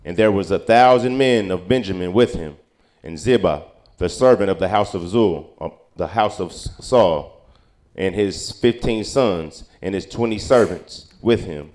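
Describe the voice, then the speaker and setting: A man reading old-style Bible verses aloud at a steady pace, now and then stumbling over a word. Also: sits low. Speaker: scripture reader.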